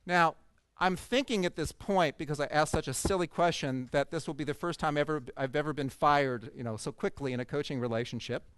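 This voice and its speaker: A man addresses an audience of coaches from a stage, weaving humor into a personal story during his keynote. He talks fairly quickly in a smooth, fairly bright, slightly high voice, recorded without echo.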